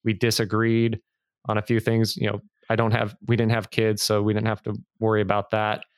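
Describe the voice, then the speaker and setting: A man hosting a podcast interview, responding in an appreciative, measured way. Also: fairly low pitch, monotone, smooth, dry recording, studio quality. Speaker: podcast host. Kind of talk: interview conversation.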